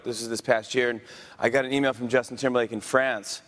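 A man hosting a live audience Q&A, chatty and quick to laugh, often restarting his sentences. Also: mid-range voice, flat delivery, fairly bright tone. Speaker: late-night talk show host answering audience questions. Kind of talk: casual live Q&A on stage.

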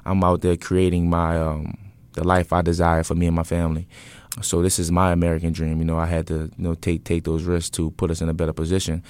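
A man in his twenties telling his story in an interview, earnest and relaxed, with many fillers and restarts. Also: low voice, fast talker, clear, resonant tone, no echo. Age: 20s. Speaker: interview guest, entrepreneur.

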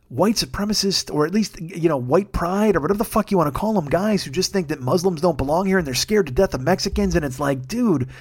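A man's voice: high voice, husky. A man hosting a comedy podcast alone, ranting heatedly and swearing constantly, then rambling through thanks to his crew. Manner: rambling, self-deprecating. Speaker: podcast host. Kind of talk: solo comedy podcast rant.

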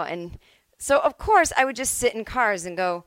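A woman's voice: fairly high pitch, lively intonation, normal speed, fairly bright tone, no room sound. A woman in her forties from Massachusetts, hosting a solo comedy podcast from home, rambling and self-deprecating with lots of "like" and "I don't know". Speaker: podcast host.

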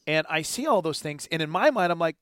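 A man's voice: a little high, lively intonation, quick pace, fairly bright tone, clear, resonant tone, no room sound, clean studio sound. A man co-hosting a sports talk show in casual chat, rambling and enthusiastic, acting out the people he quotes.

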